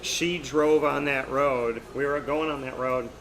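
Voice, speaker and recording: A man's voice: mid-range voice, steady tone, measured pace, a bit bright, slight background noise. A man hosting a live radio show, chatting casually and teasing in a playful way. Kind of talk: casual chat. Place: outdoors at a cafe drive-thru.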